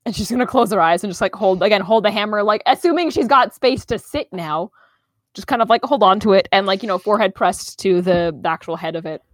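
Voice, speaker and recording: A woman playing a tabletop game in casual, excitable, giggly chat. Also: mid-range voice, quick pace, dry recording. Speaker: player.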